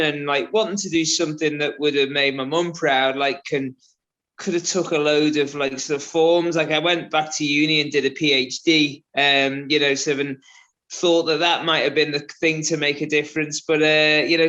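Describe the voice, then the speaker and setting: A man from Liverpool in his thirties with a mixed, softened Scouse accent, chatting casually in an interview with lots of fillers and restarts. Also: a little high, dull audio. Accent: mixed Liverpool, southern English and Australian. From England, Liverpool. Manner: rambling, many fillers and restarts, laughs often. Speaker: interview guest, runner.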